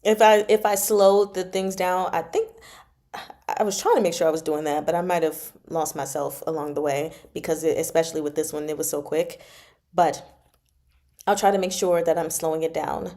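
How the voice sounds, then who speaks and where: A woman hosts a casual livestream teaching Mandarin, chatty and self-correcting as she sounds out the tones while explaining them. Her deep, dark voice holds a steady tone at a moderate pace.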